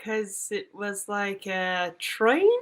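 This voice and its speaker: A woman's voice: medium pitch, very slow, a bit bright. A woman in an improv guessing game, firing off quizzical guesses. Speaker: improv performer.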